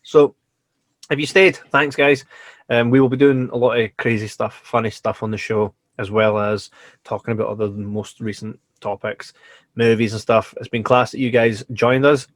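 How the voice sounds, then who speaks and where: A man's voice: medium pitch, level tone, moderate pace, dry recording, studio quality. A man with a Scottish accent co-hosting a podcast, talking animatedly with lots of laughs and casual swearing. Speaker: podcast co-host. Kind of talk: casual chat.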